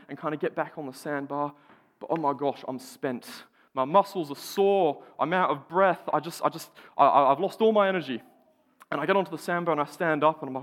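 Australian man preaching in a reverberant hall. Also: a little high. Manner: animated storytelling with frequent stammered restarts and laughs. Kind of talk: sermon with personal story.

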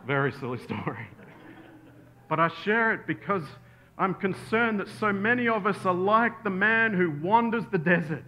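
An earnest male pastor preaches with a bright, forward voice that sits a little high for a man. He swells to emphatic peaks and then falls soft and intimate. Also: lively intonation, moderate pace, slight background noise. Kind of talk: sermon.

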